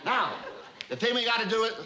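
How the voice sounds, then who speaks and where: An actor playing a brisk, bald male efficiency expert in a 1960s sitcom who barks rapid repeated commands. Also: extremely high pitch, big pitch swings, sharp tone, reverberant, exaggerated voice. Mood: bossy. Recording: muffled old TV soundtrack with hiss.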